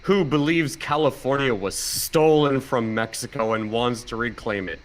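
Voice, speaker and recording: A man's voice: mid-range voice, moderate pace, rough recording. A man on a podcast reading a movie review aloud, stumbling now and then and laughing at it. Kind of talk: casual chat, reading an article aloud.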